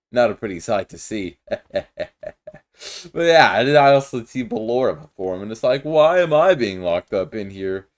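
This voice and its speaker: A man's voice: lowish voice, darkish tone, lightly acted. A man voicing a gloomy male animatronic in a Minecraft roleplay, grumbling about being locked away.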